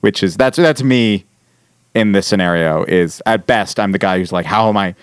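A man with a lowish, smooth and resonant voice talks through a TV episode on a casual podcast. He tells it with energy and jumps into quick impressions of the characters. The sound is dry and close to the mic. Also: no room sound. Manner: animated storyteller, quoting characters in quick bursts. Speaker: podcast host. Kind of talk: casual chat recapping a TV episode.

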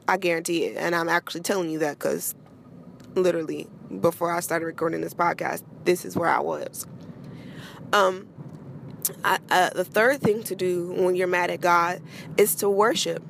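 A woman's voice: lowish voice, steady tone, normal speed, gravelly, fairly bright tone, a little hiss or hum. A woman hosting a personal faith podcast, speaking candidly and emotionally in a conversational way. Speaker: podcast host.

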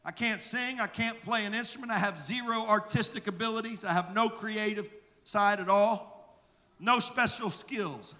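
A man with a Southern accent preaching a rhythmic sermon as pastor, swinging between hushed passages and shouted refrains. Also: sits high, normal speed. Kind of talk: fiery sermon. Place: church sanctuary. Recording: long hall reverb, faint crowd and noise.

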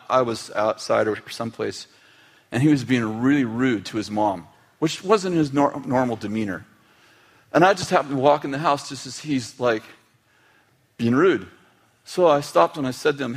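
Brief: middle-aged male pastor, conversational sermon, acts out quotes, light humor. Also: mid-range voice. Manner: storytelling with acted family quotes and humor.

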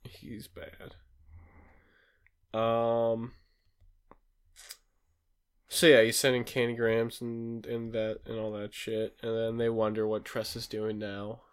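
A man's voice: medium pitch, completely flat delivery, takes it slowly, long pauses, clean tone. A man co-hosting a podcast, casually recapping a TV episode with many fillers. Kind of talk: casual chat.

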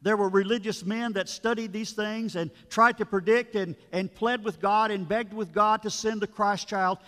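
A man's voice: high voice, fairly bright tone. A man, a pastor, giving a sermon in a storytelling, conversational way, with asides to his listeners. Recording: long reverb of a large room.

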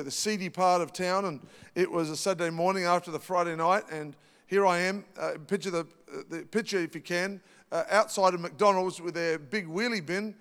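A man's voice: high-pitched, fairly bright tone, clean tone, big-room sound. A middle-aged Australian man preaching a sermon, telling a personal story in a chatty way with many fillers and restarts. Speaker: pastor.

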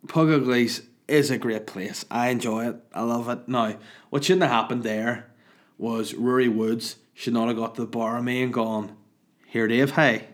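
A man in his thirties with a Northern Irish accent, hungover, telling crude, rambling, animated comic stories. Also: medium pitch, moderate pace. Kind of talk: casual comic storytelling.

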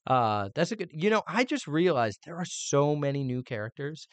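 A middle-aged man co-hosting a casual podcast chat, animated and teasing. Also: a little high, normal speed, a crowd in the background. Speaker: podcast co-host, father.

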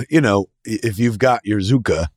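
A man's voice: medium pitch, big pitch swings, measured pace, vocal fry, a little mellow, breathy edge, no room sound, clean studio sound. A man in his fifties co-hosting a casual podcast chat, blunt and swearing often, with wry asides. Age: 50s. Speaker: podcast co-host.

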